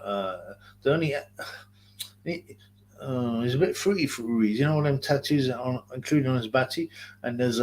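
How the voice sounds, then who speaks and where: A man from Greater London with a London accent hosts a casual livestream in a mid-range, slightly bright voice, with a little hiss or hum in the audio. He rambles in slang and reads chat comments out loud.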